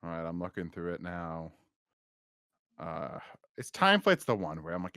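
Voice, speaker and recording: A man with a Boston accent co-hosting a casual podcast, blunt and quick to laugh, with emphatic opinions. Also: sits low, very animated, pushed and bright, smooth, no room sound, clean studio sound. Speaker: podcast co-host.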